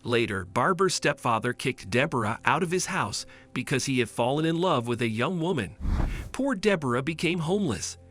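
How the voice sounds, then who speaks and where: A man reading a scripted story as narrator, with expressive storytelling. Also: medium pitch, moderate pace, faint music behind.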